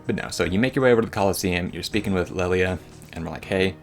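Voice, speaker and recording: A man's voice: sits low, rapid-fire, soft background music. A man giving casual, rambling gameplay commentary as a voice-over, slangy and joking.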